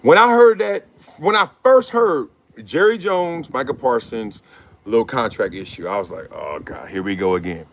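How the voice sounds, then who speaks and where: A man's voice: mid-range voice, expressive, normal speed. A middle-aged man hosting his own show, riffing in slangy casual commentary, laughing often and acting out quotes. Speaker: show host.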